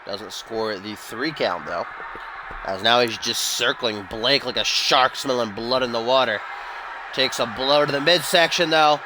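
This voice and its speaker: A young man doing casual, excitable play-by-play commentary for a wrestling video game, shouting on the close calls. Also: medium pitch, moderate pace, slight background noise. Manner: excitable, rises to near-shouting on near-falls; casual asides and swearing between calls.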